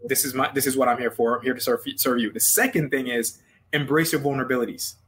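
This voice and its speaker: A man's voice: medium pitch, steady tone, fast, a bit bright, slight background noise, low-quality recording. A man with a Jamaican accent, a business coach talking earnestly and emphatically as a guest in a casual interview, often repeating phrases.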